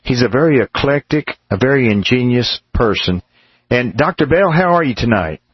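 Easygoing guy hosting a radio show, husky voice, dry muffled sound. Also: mid-range voice, animated, normal speed, no room sound. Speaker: radio host. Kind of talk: casual radio talk.

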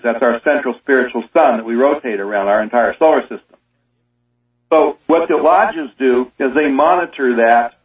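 A man calling in as a guest on a radio talk show, chatty and expansive. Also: mid-range voice. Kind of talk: casual radio interview. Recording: roomy distant lo-fi radio sound.

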